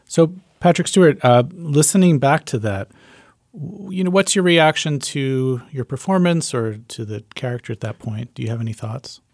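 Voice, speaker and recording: A man's voice: medium pitch, moderate pace, darkish tone, dry recording. Dry-sounding male radio interviewer. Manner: curious, conversational questioning.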